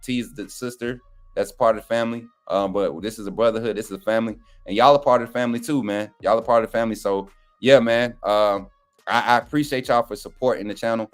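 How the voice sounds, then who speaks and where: A man's voice: lowish voice, fast talker. A young man, a co-panelist on a sports show, chatting casually and folksily with his viewers. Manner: relaxed, folksy, addresses viewers as y'all. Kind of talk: casual live stream chat.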